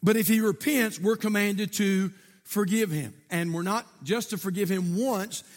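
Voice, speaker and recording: Male pastor, high-pitched, fiery sermon delivery. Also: moderate pace. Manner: preaching with rising shouts and call-outs to the church.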